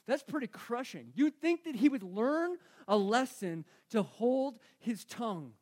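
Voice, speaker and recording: A male pastor preaching a sermon, acting out Bible figures and swinging from loud to hushed. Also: very high voice, lively intonation, unhurried.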